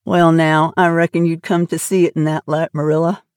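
A woman voicing a shy, quiet elderly farmer who speaks with a gentle drawl. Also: deep voice, level tone, fairly quick, clear, resonant tone, no echo, studio quality, lightly acted.

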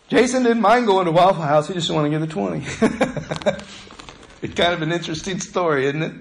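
A man's voice: fairly high pitch, moderate pace. A male pastor preaching a sermon in a conversational, storytelling way.

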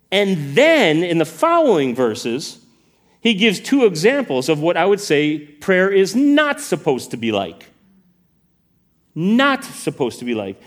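A man preaching a sermon, asking the congregation question after question. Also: fairly high pitch. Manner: animated, asks the congregation questions.

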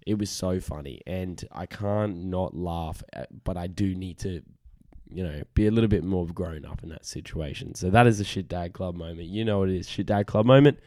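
A man's voice: low-pitched, moderate pace, mellow, no room sound, clean studio sound. A tired man hosting a casual solo podcast, rambling, frank and self-deprecating, swearing freely. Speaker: podcast host.

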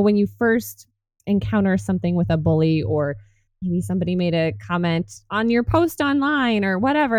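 A woman's voice: medium pitch, darkish tone, no echo. A woman hosting a casual conversation, emphatic and affirming as she builds on her guest's points.

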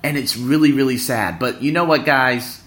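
A man's voice: mid-range voice, moderate pace, fairly bright tone. A young adult man hosting a podcast, giving an emphatic, preachy motivational talk to a live audience and repeating phrases for effect. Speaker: podcast host.

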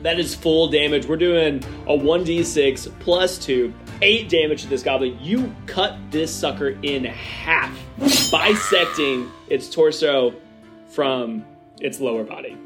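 A man narrating a tabletop game as game master in a relaxed, hesitant way with many fillers. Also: fairly high pitch, takes it slowly, over music.

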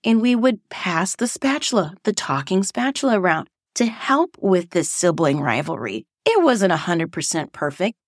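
A woman, a former teacher, hosting a casual reflective podcast monologue in a playful, animated way. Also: lowish voice, moderate pace, hardly any pauses, no room sound, studio quality. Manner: playful and animated, acting out voices.

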